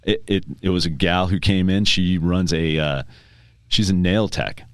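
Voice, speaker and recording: Deep-voiced man telling stories on a podcast. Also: fairly even intonation, clear, resonant tone, no echo, clean studio sound. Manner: storytelling, acts out clients in quick dialogue. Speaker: tax preparer, podcast guest. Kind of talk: casual podcast conversation.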